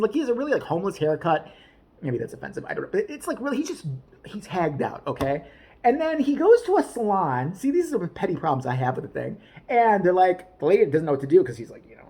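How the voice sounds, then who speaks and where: A woman's voice: medium pitch, darkish tone, husky. A woman ranting in a casual, rambling way, swearing often, laughing and putting on mock outrage as she talks. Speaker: vlogger reviewing a TV show.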